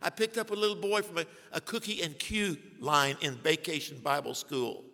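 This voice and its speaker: Bright-voiced older pastor preaching in a hall. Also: male voice, on the high side, fairly even intonation, normal speed, gravelly. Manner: humorous storytelling with big swings from hushed to loud. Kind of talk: sermon. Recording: long hall reverb.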